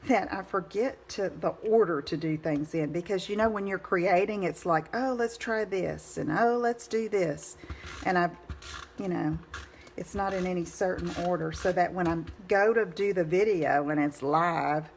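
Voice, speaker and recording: A woman's voice: lowish voice, moderate pace, slight background noise. A woman giving a live card-making demonstration, chatty and encouraging, greeting viewers by name.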